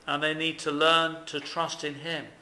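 A man's voice: a little high, flat delivery, a little slow, bright, forceful tone. A man preaching a sermon, putting many rhetorical questions to his listeners. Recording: echoey room.

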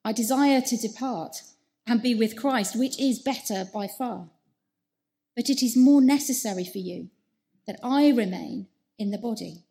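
Woman service leader, a touch high-pitched, earnest and measured reading scripture and prayer. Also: creaky, mellow.

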